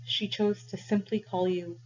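A woman voicing a gentle, weary old village priest who speaks softly and carefully in a read-aloud story, her voice husky. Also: little pitch movement, unhurried, natural voice. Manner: soft, low and careful. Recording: dull lo-fi recording.

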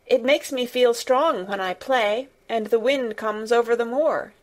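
A woman voicing an anxious, eager little girl who speaks in a halting, tremulous way. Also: fairly high pitch, pitched above the performer's own voice, close to an everyday voice. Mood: pleading.

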